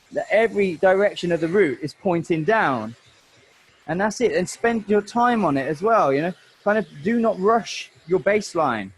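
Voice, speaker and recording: A man's voice: sits high, slight background noise, poor audio. Chatty man teaching haircutting. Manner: chatty, matey, talks while working. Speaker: hairdressing educator. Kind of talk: live online hair cutting demo.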